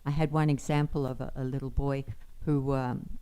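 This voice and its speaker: Smooth warm-voiced woman co-presenting. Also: very deep voice, level tone, normal speed. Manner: supportive, echoes and affirms her co-presenter. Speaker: parenting seminar co-presenter. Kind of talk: informal teaching talk.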